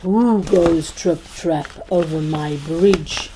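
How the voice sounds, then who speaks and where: Woman putting on a storybook troll, growling, lower pitch, loud, slow and heavy. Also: fairly even intonation, background noise, full character voice. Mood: menacing. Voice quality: growling, roaring. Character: gruff growling troll under a bridge.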